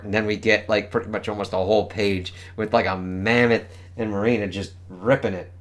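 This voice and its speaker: A man's voice: lowish voice, steady tone, fairly quick, hardly any pauses. A man casually reviewing a comic book, enthusiastic and swearing often as he reads panel dialogue aloud.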